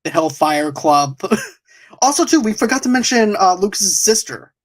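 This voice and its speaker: A man's voice: high voice, lively intonation, normal speed. A man hosting a podcast in casual chat, rambling and restarting his sentences with frequent chuckles. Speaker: podcast host.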